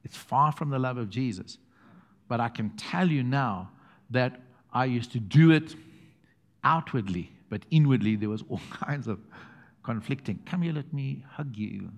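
A middle-aged South African man preaching a sermon as pastor, telling stories with chuckles and quiet emphatic asides. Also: medium pitch, expressive, unhurried, pauses often. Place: church hall. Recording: long hall reverb.

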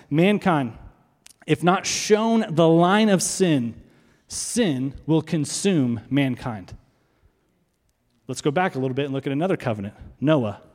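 A man preaching from the pulpit of a church sanctuary, his voice a touch higher than most men's. He leans on rhetorical questions and says key phrases twice for weight. The sound trails off in a long hall reverb. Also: darkish tone. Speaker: pastor. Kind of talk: sermon.

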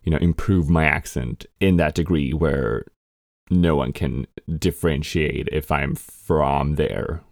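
A Swedish man in his twenties, speaking American English learned as a second language, hosts a casual solo podcast where he's chatty and candid, swearing freely and laughing at himself. His very deep voice has vocal fry and fairly even intonation at a measured pace. The sound is clean studio quality with no echo.

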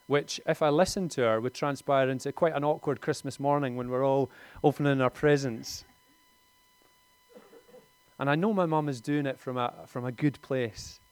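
A man's voice: mid-range voice, a little fast, clean tone, no room sound. A man, preaching a conversational sermon in a lightly humorous tone.

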